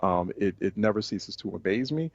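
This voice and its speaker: A man's voice: lowish voice, expressive, moderate pace, no echo, dull audio. A man from Philadelphia, a radio talk host giving impassioned, indignant commentary with many fillers and restarts.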